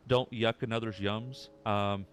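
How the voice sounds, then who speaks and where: A man's voice: fairly low pitch, steady tone, a little slow, a little hiss or hum. A young man telling a casual story in a laid-back, rambling way, full of fillers. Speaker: streamer in a recorded clip.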